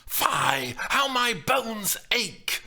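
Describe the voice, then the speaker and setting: A man's voice: high voice, very animated, takes it slowly, pushed and bright, voice pushed up, exaggerated voice. A man reading a storybook voicing a self-effacing young woman who snaps and growls ferociously when acting. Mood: vicious. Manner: snapping and growling, then meek. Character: timid young woman turning ferocious as a nurse.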